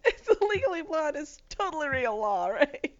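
A woman's voice: high-pitched, very animated, normal speed. Teasing, giggly woman guest; muffled lo-fi audio. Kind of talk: casual chat.

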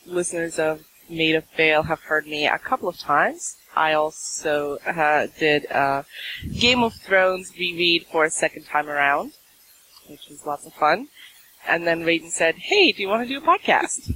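A woman's voice: low voice, measured pace, sharp tone, a little hiss or hum, poor audio. A woman with a faint Russian-Canadian accent, chatting and giggling on a podcast. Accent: slight Russian-Canadian. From family from Moscow, lives in Canada. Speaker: podcast co-host. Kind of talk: casual podcast chat.

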